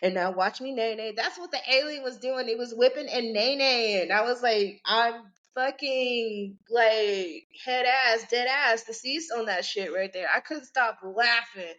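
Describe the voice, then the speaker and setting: A woman in her forties hosts a podcast and rants casually, rambling and swearing as she goes. Her voice is fairly high, bright, and forceful, a little slow, and she barely pauses.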